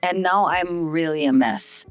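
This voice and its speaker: A woman's voice: fairly low pitch, a little slow, soft background music. A middle-aged woman from St. Vincent, a hospital CEO and podcast guest, telling her life story casually. She brings the story to life by acting out other people's lines. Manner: lively storyteller who acts out other people's quoted lines in a raised voice.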